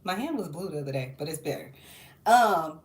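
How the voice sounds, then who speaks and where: A woman's voice: low voice, expressive, a little fast, echoey room. A woman chatting casually on her vlog in a rambling way, jumping between side stories. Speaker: social worker and vlogger. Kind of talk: casual chat.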